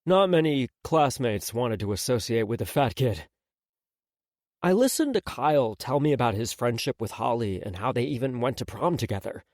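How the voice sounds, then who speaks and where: A man narrating a first-person romance audiobook in an expressive, intimate way. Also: medium pitch, moderate pace, no echo, studio quality.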